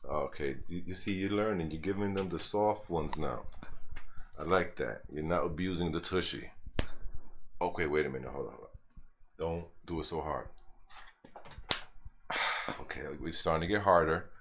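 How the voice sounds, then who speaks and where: A man's voice: rumbling low, moderate pace, pauses often. A man co-hosting a live stream, bantering with jokey, mock-outraged complaints. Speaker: stream co-host. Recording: noisy stream audio.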